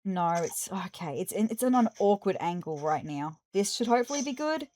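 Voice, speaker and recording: A woman giving casual let's-play commentary, excitable and gushing, with apologetic asides. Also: medium pitch, a little fast. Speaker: gaming video host.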